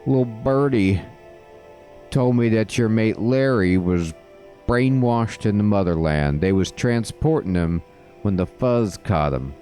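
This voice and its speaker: A man's voice: on the low side, a little slow, warm tone, soft background music, lightly acted. A man voicing a shifty male penguin smuggler who talks in clipped street slang. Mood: cheeky.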